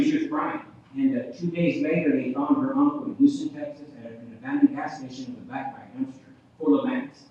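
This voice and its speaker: A man preaching a revival sermon as a guest preacher, telling his testimony and often calling out "ladies and gentlemen", his loudness rising and falling. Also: mid-range voice, fairly quick, hardly any pauses, slight background noise. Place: church hall. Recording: echoey hall, distant dull mic.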